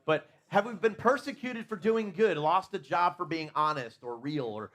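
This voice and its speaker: A man's voice: fairly high pitch, expressive, normal speed, a bit bright. A man preaching a conversational sermon in a church, asking his listeners questions and talking openly about his own faults.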